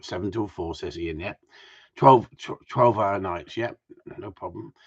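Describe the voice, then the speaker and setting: Out in the cold, a gundog trainer chats casually with his viewers, reading their comments and joking as he rambles. His deep voice moves a little slowly and has a breathy edge. The sound is muffled and lo-fi.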